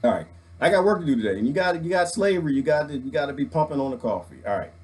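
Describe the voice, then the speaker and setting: A man, ranting in an excitable, jokey, preachy way on a livestream, wired on coffee, swinging from loud to hushed. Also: fairly high pitch, rapid-fire. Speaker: vlogger reading live comments. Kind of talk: animated livestream rant.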